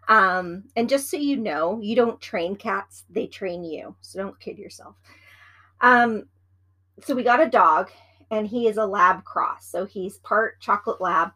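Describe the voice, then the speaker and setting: Woman, casual chat, chatty, rambling, teasing, practical advice, mid-pitched voice. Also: bright, forceful tone. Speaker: podcast co-host.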